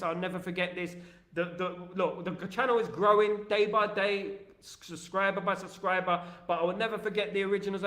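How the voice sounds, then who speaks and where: A young East London man hosting a football live stream, his voice pitched fairly high for a man. He reads out viewer comments and riffs on them in an animated, chatty way. The room around him has a noticeable echo. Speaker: livestream host. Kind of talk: casual live-stream chat.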